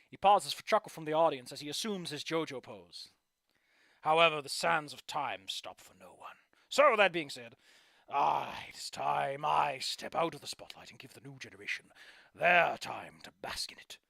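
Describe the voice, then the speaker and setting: A man's voice: fairly high pitch, creaky, a bit bright, dry recording. A man voicing a proud old male raptor fire performer with a grand, stately manner that turns soothing.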